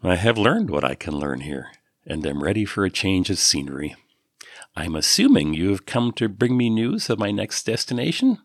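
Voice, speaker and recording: A man reading the lines of a calm, consoling man in an audiobook. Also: deep voice, normal speed, no room sound, clean studio sound, exaggerated voice. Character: gentle, calm man, thin and worn.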